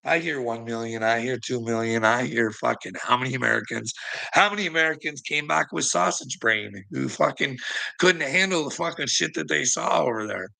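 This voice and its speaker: A man's voice: mid-range voice, normal speed, gravelly, sharp tone, low-quality recording. A man ranting in a rambling monologue to his viewers, chuckling often, swearing freely and needling people by name. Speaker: streamer talking to chat.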